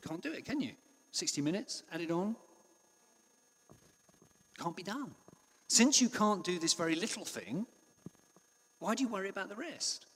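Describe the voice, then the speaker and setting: A man preaching a sermon in a conversational way, with frequent restarts and passages that drop to a hush. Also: sits high, big pitch swings, normal speed, pauses often, husky. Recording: long hall reverb.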